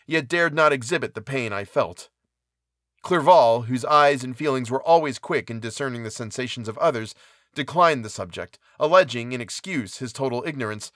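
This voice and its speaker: Man, audiobook narration, measured and even, mid pitch, dry close recording. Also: no echo. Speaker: audiobook reader. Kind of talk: scripted narration of a classic novel.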